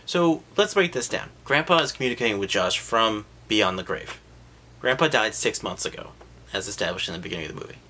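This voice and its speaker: A man giving a sarcastic, animated comedic recap of a movie, mocking the scenes and popping into quick silly voices for the characters. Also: fairly low pitch, background noise.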